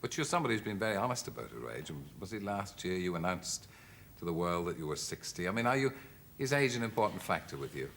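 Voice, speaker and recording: A man's voice: low-pitched, sing-song, fairly bright tone, a little hiss or hum. A man hosting a TV talk show, asking questions in a teasing, jokey way. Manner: teasing and quick with a joke. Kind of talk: casual interview. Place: TV studio.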